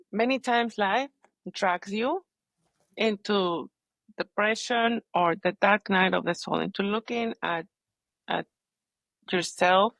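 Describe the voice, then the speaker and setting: A woman's voice: medium pitch, creaky, a bit bright, no echo, dull audio. A woman talks through her personal story in a candid podcast conversation. She halts and searches for words, but stays earnest throughout. The sound is dry, with no room around her voice. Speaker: podcast guest, holistic healer.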